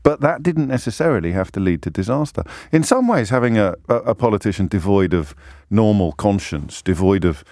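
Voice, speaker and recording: Man, radio host, low voice, scornful and emphatic, dry close studio mic. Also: animated, a little fast, darkish tone, no echo. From Britain. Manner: impassioned, scornful, emphatic rhetorical repetition. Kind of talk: opinionated radio monologue.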